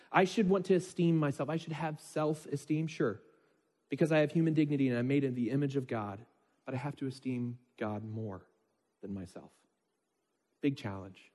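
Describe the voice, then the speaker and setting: A man's voice: mid-range voice, mellow, slightly rough. A man preaching as a pastor, talking conversationally, checking in with listeners, and reading scripture aloud with mounting intensity. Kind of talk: sermon. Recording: long reverb of a large hall.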